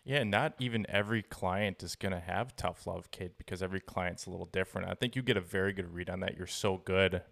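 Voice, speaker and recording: A man co-hosting a dog training podcast, speaking in a very low, gravelly voice. He rambles a little and leans on fillers like "you know" and "more or less." The tone stays easygoing and conversational. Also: fairly quick, hardly any pauses, a bit bright. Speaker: podcast co-host. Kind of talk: casual podcast chat.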